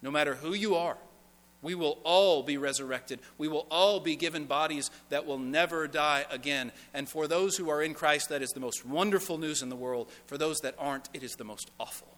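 A man preaching a sermon in a church, rising to strong emphasis and dropping to quiet, earnest pleading. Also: on the high side, normal speed. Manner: preaching with swells of intensity and hushed, earnest pleading. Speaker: pastor. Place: church sanctuary. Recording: church sanctuary with long reverb.

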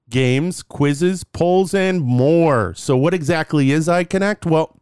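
A man's voice: medium pitch, darkish tone, clear, resonant tone, no echo, studio quality. A young man co-hosting a podcast in a playful, rambling way, often restarting his sentences. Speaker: podcast co-host. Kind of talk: casual podcast chat.

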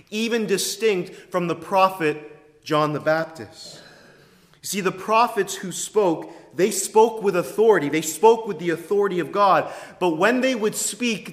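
A man preaching a sermon in an emphatic, deliberate way, his loudness rising and falling widely, in a church sanctuary. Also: high-pitched. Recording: long reverb of a large hall.

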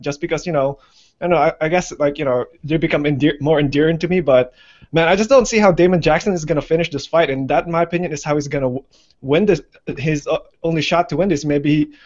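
A man co-hosting a casual fight-picks chat, rambling with lots of fillers. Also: fairly high pitch. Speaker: MMA podcast co-host. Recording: lo-fi muffled audio.

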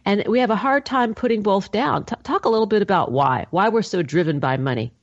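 A woman's voice: medium pitch, animated, brisk, dull audio. A woman hosting a radio interview, talking conversationally with some fillers. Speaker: radio host.

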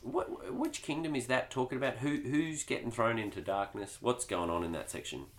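A man's voice: medium pitch, sing-song, normal speed. A man hosting a church podcast, reading listener questions in a casual manner with lots of ums and uhs. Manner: casual, hesitant with many fillers. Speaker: podcast host. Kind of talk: podcast discussion.

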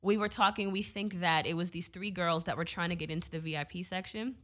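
Young woman, lower voice, loose and animated anecdote delivery with frequent filler words and swearing. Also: a little fast. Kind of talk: casual storytelling.

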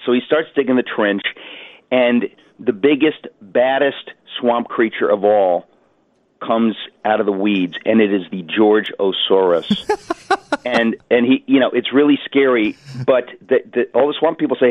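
A man being interviewed as an author, telling a story with animated voices over a phone line. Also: mid-range voice, measured pace, no echo. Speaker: author guest. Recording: tinny dry phone line.

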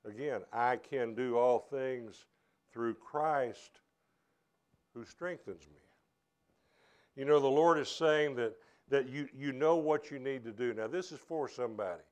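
A male pastor preaching to his congregation in a church. His delivery is earnest and halting, with frequent restarts, and his voice sits at an ordinary middle pitch. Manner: earnest, halting, with many repeated starts. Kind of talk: sermon.

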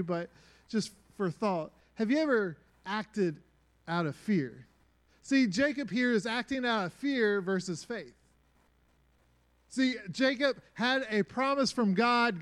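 A young man delivers a casual sermon in a clear, resonant, fairly high voice. He talks loosely, with filler words and easy humor, as if chatting with friends in the pews. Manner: relaxed, conversational, with frequent "uh" fillers and joking asides. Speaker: preacher.

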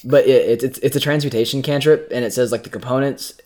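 A man's voice: mid-range voice, steady tone, quick pace, a little mellow. A man playing a tabletop game, hesitant and unsure, asking about the rules. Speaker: player.

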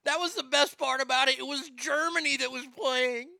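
A man's voice: very high-pitched, steady tone, a little fast, gravelly, bright, forceful tone, dry recording, studio quality. A man hosting a comedic talk show, laughing often and stammering as he jokes crudely. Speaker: radio show host.

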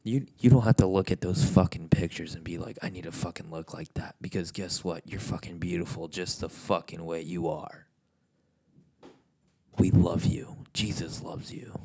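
A man's voice: low-pitched, fairly even intonation, moderate pace, mellow, breathy edge. A man giving a blunt, profane motivational rant, swearing constantly and repeating himself.

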